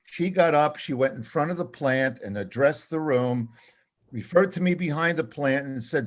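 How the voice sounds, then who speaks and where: An older man, a comedy writer, telling an animated, self-deprecating anecdote and acting out the dialogue. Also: a little high, normal speed. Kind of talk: storytelling anecdote.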